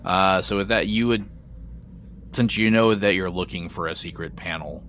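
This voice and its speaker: Man, very low voice, game master, calm descriptive narration, faint background hiss. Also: moderate pace.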